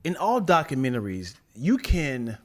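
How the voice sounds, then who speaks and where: A man co-hosting a casual podcast chat, excitable, stammering and acting out little quotes as he argues his point. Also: medium pitch, a little slow. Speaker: podcast co-host.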